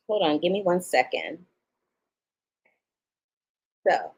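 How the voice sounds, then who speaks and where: Chatty woman critic with a deep voice. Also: a little slow, vocal fry, pauses often, slightly rough, highs cut off. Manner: warm, expressive, chatty, laughs easily. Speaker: film critic and interviewer. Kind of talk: casual interview and review recap.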